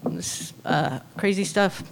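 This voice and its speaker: A middle-aged woman, nervous about public speaking, sharing her recovery story with many pauses, ums and uhs. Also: lowish voice, creaky, a little hiss or hum. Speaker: meeting speaker. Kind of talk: personal recovery share.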